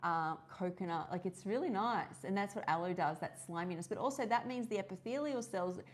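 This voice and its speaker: A woman's voice: medium pitch, a little fast. An Australian woman hosting a casual live-stream chat, rambling and chatty with many fillers and restarts. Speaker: host of a live wellness session.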